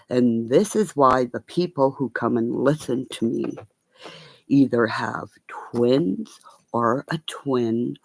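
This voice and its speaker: A woman in a rambling, profane livestream rant that breaks into sudden shouting. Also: very deep voice, vocal fry, no echo. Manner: profane, erratic, bursts into shouting.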